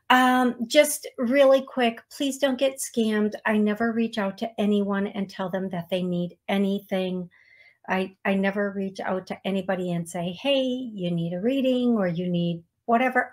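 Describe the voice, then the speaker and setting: A woman with a steady, medium-pitched voice hosts a psychic medium live stream, a talk show where she reads out names. She chats with viewers slowly and casually, calling out names and songs, poking fun at herself with small laughs.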